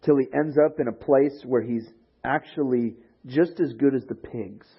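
A man with a slightly husky voice preaches a sermon, retelling a story with animated energy and slipping into the voices of its characters. The recording sounds dull and lo-fi. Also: mid-range voice, moderate pace. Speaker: pastor.

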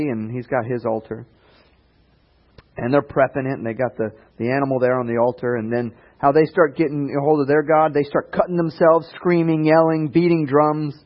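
A man preaching a casual sermon, retelling stories in a conversational way with sarcastic asides and quick character voices. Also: on the high side, muffled recording. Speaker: pastor.

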